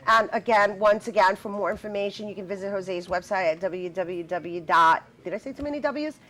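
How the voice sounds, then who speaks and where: A woman hosting a television talk show with an animated, playful manner, laughing easily. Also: medium pitch, brisk. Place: television studio.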